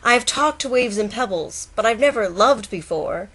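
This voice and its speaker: A lovesick male turtle from a storybook poem, pleading in a high, rising voice, as a woman puts him on while reading aloud. He begs louder with each line. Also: lively intonation, normal speed, breathy edge.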